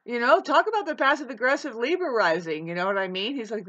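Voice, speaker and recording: A woman's voice: fairly high pitch, animated, quick pace, bright, forceful tone. A woman talking through astrology in a casual, rambling monologue, emphatic, cursing now and then and calling her listener babe. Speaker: astrology vlogger. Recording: dull lo-fi sound.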